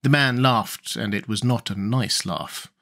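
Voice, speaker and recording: A man reading a children's fantasy storybook aloud as an audiobook narrator, measured and expressive. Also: mid-range voice, vocal fry.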